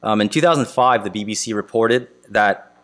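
A man's voice: lowish voice, fairly bright tone. A preaching man over faint mains hum. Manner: earnest preaching with rhetorical questions and emphatic pauses. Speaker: pastor. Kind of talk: sermon.

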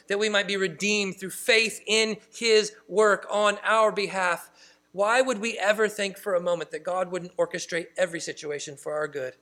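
A man preaching as a pastor and church planter, moving between emphatic stresses and quiet, low asides. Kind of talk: sermon.

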